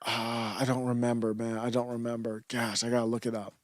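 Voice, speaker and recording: In a dry, clean studio recording, a man speaks a little fast in a level, mid-range voice. He is a podcast co-host in casual conversation, drifting into nostalgia and repeatedly trailing off only to begin his sentences again.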